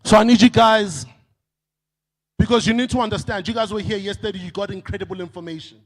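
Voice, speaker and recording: A man's voice: sits high, fast talker. A man with a South African accent giving a motivational stage talk, switching between storytelling and rallying the crowd. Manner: animated, leads crowd call-and-response shouts. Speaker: motivational speaker. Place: event stage before a crowd.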